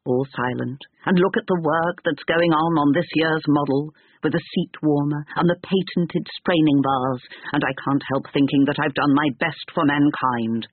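A man voicing a proud, sentimental elderly gentleman in a storybook reading, pompous and grandly formal, on a tinny narrow-band recording. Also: fairly high pitch, fairly even intonation, moderate pace, few pauses, slightly rough, no echo.

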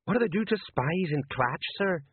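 A man doing a cowardly older sergeant, slightly raised in pitch, whose worried words tumble out in a rambling, common way. The voice is husky and tinny, as if over a phone. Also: animated, normal speed, dry recording, full character voice. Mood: anxious. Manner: anxious, rambling, common-sounding. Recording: dry, tinny phone-like sound.

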